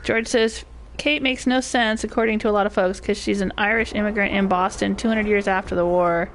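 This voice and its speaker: A woman's voice: medium pitch, steady tone, fairly quick, slight background noise. An older woman giving rambling, casual commentary while streaming a game and greeting chat viewers. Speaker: gaming streamer. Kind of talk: casual live gameplay commentary.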